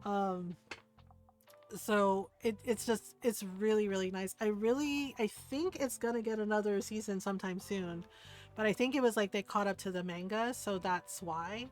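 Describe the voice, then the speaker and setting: A woman's voice: medium pitch, moderate pace, soft background music. A woman streamer chatting casually while playing a game, gushing and rambling with lots of "like" and "right?". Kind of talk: casual chat while gaming.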